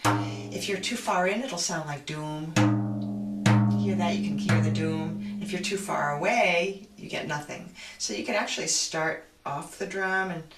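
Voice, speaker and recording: A woman teaching a frame drum class over a video call, patient and chatty, thinking aloud as she explains. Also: on the low side. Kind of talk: online drum lesson. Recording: roomy, distant, loud drumming behind.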